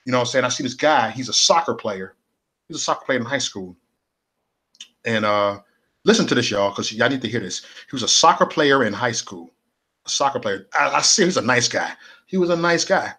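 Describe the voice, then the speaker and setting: Telling his life story as a testimony, a middle-aged Chicago man speaks fairly quickly in a slightly rough mid-range voice. He gets animated, repeats himself and mimics the voices of others.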